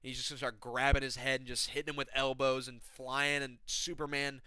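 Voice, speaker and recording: Bright, excitable, swearing fight fan. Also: male voice, mid-range voice, fairly quick, clear, resonant tone, no room sound. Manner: excitable, profane, slangy fan talk. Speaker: MMA channel host. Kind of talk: casual fight-prediction rant.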